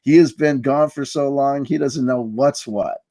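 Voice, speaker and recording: A man's voice: medium pitch, a little slow, dark tone, no echo. A man hosting a live online stream, telling a story in a mock-grandiose, self-mocking way. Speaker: host. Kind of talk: casual live-stream chat.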